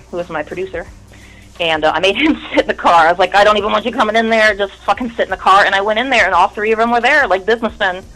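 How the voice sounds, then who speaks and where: A woman's voice: mid-range voice, a bit bright, low-quality recording. A woman in her thirties, a musician guest in an interview, telling a long story in a candid, rambling, profane way.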